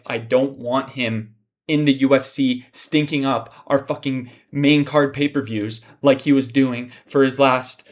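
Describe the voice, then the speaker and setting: A young man at a middling pitch talks through fight predictions in a casual, unscripted way. He sounds fed up, swears freely and lets out heavy sighs between complaints. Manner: exasperated, profane ranting with frequent sighs. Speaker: MMA analyst host.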